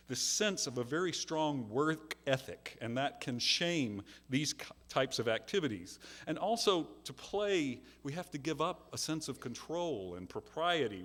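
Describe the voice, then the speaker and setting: A male minister giving a sermon, telling a story with earnest, self-deprecating humor. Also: fairly high pitch. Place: large church sanctuary. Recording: long hall reverb.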